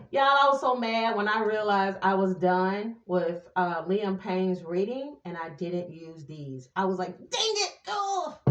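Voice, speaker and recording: A woman's voice: mid-range voice, echoey room, low-quality recording. Sassy, chatty woman doing a tarot reading. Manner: chatty, sassy, breaks into snatches of song. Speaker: tarot reader. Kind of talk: casual tarot reading to viewers.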